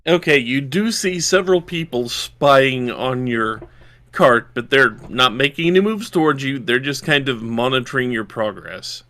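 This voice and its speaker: A man from Yorkshire runs a tabletop session as game master, with a bright, forceful voice. He lays out scenes in detail and checks the rules aloud as he goes. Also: mid-range voice, expressive, moderate pace.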